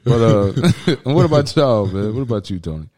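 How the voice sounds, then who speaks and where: A man's voice: lowish voice, lively intonation, moderate pace, a crowd in the background. A young adult man in casual chat, joking in slang and laughing as he talks.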